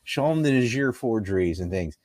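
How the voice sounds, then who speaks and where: A man's voice: lowish voice, expressive, fairly quick, darkish tone, dry recording, studio quality. A man from North Carolina, a political commentator in a conversational interview, talking emphatically and firing off rhetorical questions.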